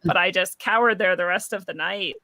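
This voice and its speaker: A young woman interviewed as a guest, telling a personal story in a lively way, laughing often and acting out what people said. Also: lowish voice, brisk, no echo. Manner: animated, laughs often, acts out quoted voices. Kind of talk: conversational storytelling.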